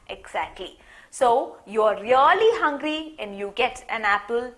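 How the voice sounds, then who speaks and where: A young woman teaching a phonics course, telling a story slowly and acting out the letter sounds. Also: a little high. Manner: slow, lively storytelling with sound demonstrations.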